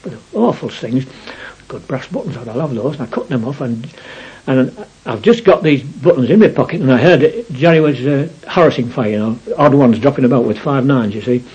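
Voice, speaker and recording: A man's voice: medium pitch, expressive, brisk, darkish tone, husky, highs cut off. An older man recounting his war memories in a rambling storytelling way, often adding "you see". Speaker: war veteran interviewee.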